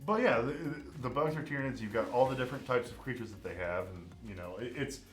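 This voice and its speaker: A man's voice: medium pitch, expressive, fast, roomy sound, soft background music. A man co-hosting a casual live-streamed talk show, rambling with fillers and emphatic opinions. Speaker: podcast co-host. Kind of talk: casual chat.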